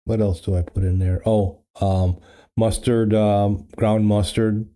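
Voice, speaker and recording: Man, casual livestream host, low pitch, very dark tone, rambling talk, studio mic. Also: level tone, unhurried. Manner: rambling, with many fillers and restarts. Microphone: studio microphone.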